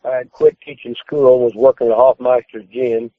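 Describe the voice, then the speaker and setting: A man's voice: mid-range voice, fairly even intonation, moderate pace, dry recording. Foul-mouthed man on a tinny phone line. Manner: swears constantly, acts out his own quotes loudly. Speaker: retired pro wrestler guest. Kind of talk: profane storytelling on a phone-in podcast. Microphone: phone call.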